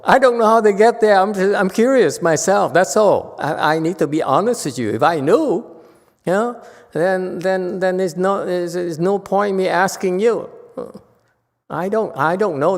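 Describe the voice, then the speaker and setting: A man's voice: high-pitched, lively intonation, unhurried, vocal fry. A man teaching as a Buddhist master in a Dharma lecture, teasing and blunt with his listeners and laughing often. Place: temple lecture hall. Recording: long hall reverb.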